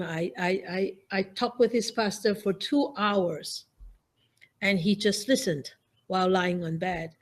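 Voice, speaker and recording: Animated storytelling Buddhist nun, middle-aged woman. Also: mid-range voice. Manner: animated storytelling, laughs often, acts out dialogue. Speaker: Buddhist nun and Dharma teacher. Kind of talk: personal Dharma talk with storytelling.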